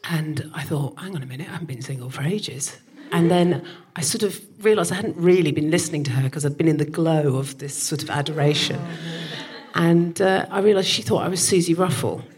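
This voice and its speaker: A woman in her forties, a comedian co-host telling a sweary, animated story live on stage. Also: deep voice, fairly quick. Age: 40s.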